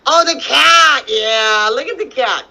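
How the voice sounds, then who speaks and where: A woman teaching young children to read over a video call, animated and coaxing, full of questions. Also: high-pitched, slow pace, gravelly, poor audio. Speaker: kindergarten teacher. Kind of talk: online reading lesson for young children. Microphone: computer mic on video call.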